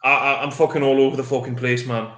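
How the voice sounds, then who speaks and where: Dutch guy, Scottish-sounding accent, swears constantly, bright voice, echoey room. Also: mid-range voice, level tone, fast talker. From Netherlands. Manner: sweary, loud, joking. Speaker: stream guest. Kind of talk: casual chat.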